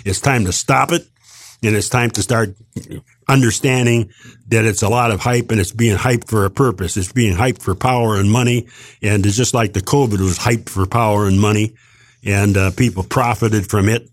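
A man's voice: lowish voice, fairly even intonation, normal speed, no echo. An older man delivering a heated, rambling opinion monologue as a podcast co-host, emphatic and indignant, with frequent restarts.

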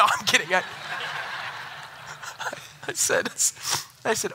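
Bright, lively preacher man. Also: high voice, slow, pauses often, slight background noise, low-quality recording. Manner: animated storytelling with self-mocking humor. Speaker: pastor. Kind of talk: sermon.

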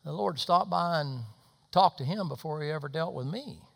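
A man voicing a chatty, grateful diner waitress in a sermon story, folksy and bright. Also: fairly high pitch, normal speed, creaky, pitched above the performer's own voice.

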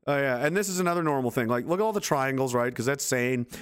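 A man's voice: mid-range voice, lively intonation, fast talker. A man giving a casual, sarcastic running commentary on footage, incredulous and swearing often.

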